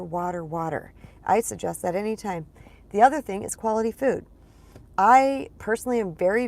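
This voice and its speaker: A woman's voice: medium pitch, creaky. A woman speaking as a spiritual empowerment coach in a casual vlog monologue. She is chatty, repeats words for emphasis and talks to her viewers as "you guys.".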